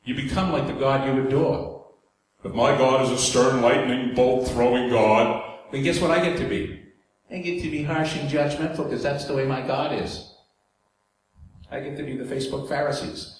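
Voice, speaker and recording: A man's voice: medium pitch, steady tone, normal speed. A man preaching a sermon in a conversational way, with asides and jokes to the congregation. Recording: very echoey hall, faint background noise.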